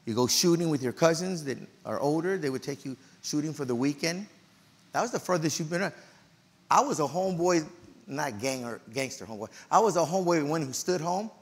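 Gravelly, animated middle-aged pastor. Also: male voice, fairly high pitch, a little fast, big-room sound. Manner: emotional, animated storytelling with loud outbursts. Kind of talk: storytelling sermon. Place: church.

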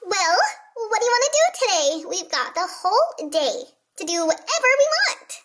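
A woman voicing an easygoing, sleepy girl doll in a doll play video, talking in a relaxed, drowsy way. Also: very high-pitched, normal speed, heavily acted.

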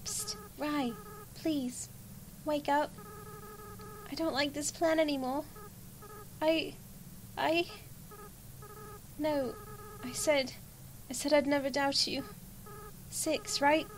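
A woman's voice: high voice, steady tone, takes it slowly, long pauses, a little hiss or hum, voice pushed up, rough recording. A woman voicing a small, anxious monster boy who stammers earnestly while reading game dialogue. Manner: hesitant, stammering.

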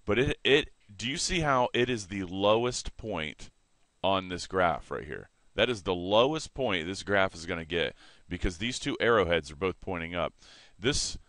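Deep-voiced man teaching math casually. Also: moderate pace, no echo. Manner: relaxed, self-correcting, explains while sketching. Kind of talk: informal math lesson.

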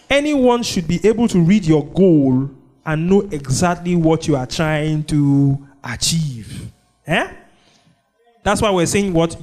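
A man's voice: on the high side, darkish tone. A man with a Nigerian accent preaching a sermon, who keeps asking the congregation "what?" so they finish his sentences. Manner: call-and-response preaching, prompting the congregation with "what?". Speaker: pastor.

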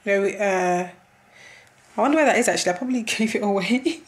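A young woman chatting through a football match reaction in a casual, slangy way. She sounds exasperated and laughs often as she talks. Her voice sits at an ordinary middle pitch. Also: a little fast.

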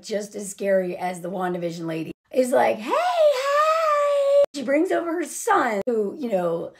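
A young woman giving a casual, sarcastic film recap, animated, and peppering her talk with "like" and "literally.". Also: mid-range voice, creaky. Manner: animated, sarcastic, acts out characters' lines; frequent "like" and "literally" fillers. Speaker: vlogger.

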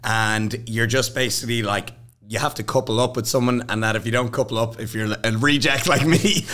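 A young man guesting on a podcast tells stories in a relaxed way, his voice medium in pitch and brisk. He laughs a lot and brings the tales to life by putting on voices for what other people said.

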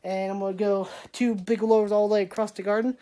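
A woman talking casually into a handheld camera outdoors in her garden. Her speech is rambling and chatty, full of little laughs and restarts, at an ordinary middle pitch. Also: flat delivery, fast, warm tone. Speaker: vlogger. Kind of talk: casual vlog chat.

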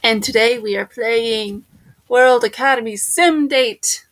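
A woman's voice: slow, a bit bright. Bubbly, jokey young woman gamer. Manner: bubbly, jokey, jumps into sudden high exclamations. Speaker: let's-play host. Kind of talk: casual gaming chat.

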